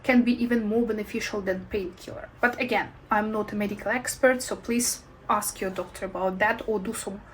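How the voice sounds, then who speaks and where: A woman in a casual health vlog, sharing her own experience in thoughtful, non-native English phrasing with frequent pauses and fillers. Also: mid-range voice, fairly even intonation, slight background noise, low-quality recording. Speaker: health vlogger. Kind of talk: casual talking-head vlog.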